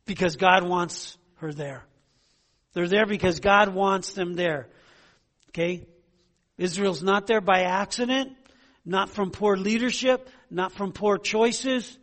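A man's voice: high-pitched, slow, a bit bright. A man pastor preaching a conversational sermon, often asking "right?" and "okay?" to his congregation. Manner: conversational, rhetorical questions, frequent "right?".

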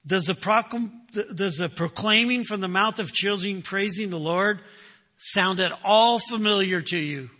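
High bright-voiced guy preaching in a church, bit husky, long hall echo. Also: unhurried. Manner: emphatic, asks rhetorical questions and answers them. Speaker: pastor. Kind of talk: sermon.

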